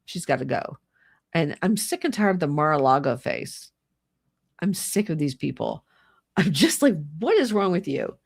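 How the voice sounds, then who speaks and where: A woman's voice: sits low, big pitch swings, normal speed, vocal fry, long pauses, husky, dry recording, clean studio sound. A middle-aged woman hosting a livestream, ranting casually and with exasperation, laughing often and mocking people in put-on voices. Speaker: livestream host. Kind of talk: casual political rant on a livestream. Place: home, fire going nearby.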